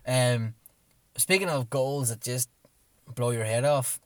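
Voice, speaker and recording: A man co-hosting a casual football chat, excitable and slightly hoarse, acting out his own shouts as he tells a story. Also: mid-range voice, slow pace, no room sound. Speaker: podcast co-host.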